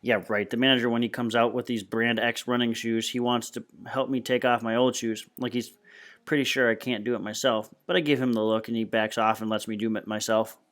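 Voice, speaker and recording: A man reading a novel aloud at a steady, plain pace. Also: mid-range voice, brisk. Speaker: reader.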